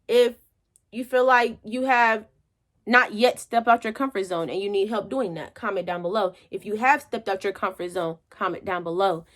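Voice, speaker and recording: A woman's voice: mid-range voice, normal speed, fairly bright tone. A young woman vlogger telling a motivational story in a chatty, colloquial way.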